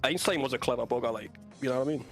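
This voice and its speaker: A man's voice: medium pitch, very fast, soft background music, close to an everyday voice. A man putting on a laddish English bloke who explains physics with slang and keeps asking if you follow. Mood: cheeky. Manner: tag questions, slangy and chummy.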